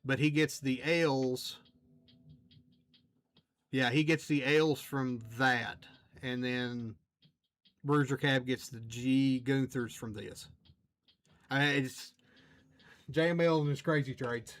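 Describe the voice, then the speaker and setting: A man's voice: mid-range voice, fairly even intonation, takes it slowly, long pauses, a bit bright. A man hosting a trading card break livestream, chatting casually with viewers and reading out the cards he pulls. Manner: chatty, reads out cards and talks to chat.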